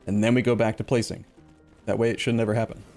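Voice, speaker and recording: A man's voice: fairly low pitch, little pitch movement, quick pace, a little mellow, soft background music. A man hosting a let's play, chatting casually with a co-player, rambling and correcting himself mid-sentence as he jokes around. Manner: rambling, self-correcting, jokey. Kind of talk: casual gaming chat.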